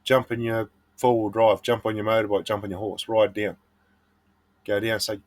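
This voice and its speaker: Australian man, middle-aged, lowish voice, earnest and blunt, casual advice monologue. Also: level tone, normal speed. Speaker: prospecting vlogger.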